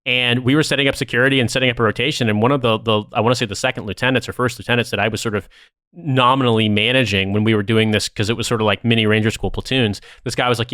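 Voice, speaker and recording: A man's voice: mid-range voice, fairly even intonation, very fast, fairly bright tone, no echo, studio quality. A young man co-hosting a podcast, telling army stories in a heated, profane, casual way. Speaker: podcast co-host.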